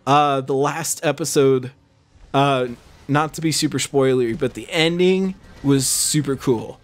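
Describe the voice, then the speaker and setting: A man's voice: medium pitch, measured pace. A man hosting a let's play, rambling through casual gameplay commentary with self-deprecating jokes.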